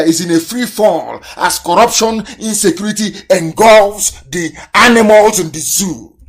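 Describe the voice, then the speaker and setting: A man from southeastern Nigeria, giving an impassioned, scornful live political broadcast full of rhetorical questions. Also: high voice. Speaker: broadcaster and activist leader.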